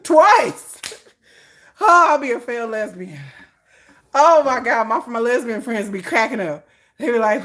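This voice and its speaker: A woman's voice: on the high side, expressive, measured pace, long pauses, a bit bright. A woman chatting casually as a vlogger, laughing often and acting out little scenes in playful voices. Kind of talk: casual chat.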